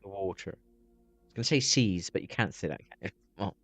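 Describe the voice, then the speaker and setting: A man's voice: low voice, expressive, moderate pace, a bit bright, no echo. A man chatting loosely on a live stream while watching videos, swearing freely as he rambles.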